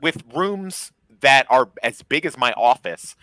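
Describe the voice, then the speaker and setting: A man's voice: medium pitch, animated, a little slow, pushed and bright, dry recording, rough recording. A man on a casual chat show, talking emphatically, joking and swearing. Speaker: podcast co-host.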